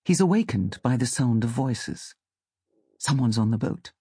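A man narrating an audiobook story in a calm, measured way on a close studio mic. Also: mid-range voice, husky, no room sound.

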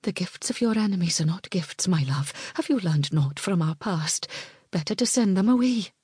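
A woman's voice: fairly low pitch, lively intonation, moderate pace, a little mellow, slightly rough, no room sound, clean studio sound. A woman voicing a fierce, suspicious queen who speaks sharply and with scorn. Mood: scornful.

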